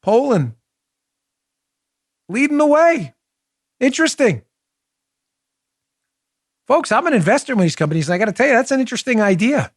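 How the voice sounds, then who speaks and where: A man hosting a political talk show, delivering an emphatic monologue that jumps from loud exclamations to low asides. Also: very animated, quick pace, long pauses, husky, no echo, studio quality. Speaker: podcast host.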